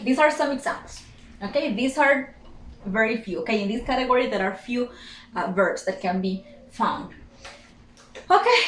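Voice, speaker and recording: Woman, English teacher, slightly high voice, repeats words, distant mic in echoey room. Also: a bit bright, slight background noise. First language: Spanish. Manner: drills words by repeating them several times. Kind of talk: slow, repetitive pronunciation lesson.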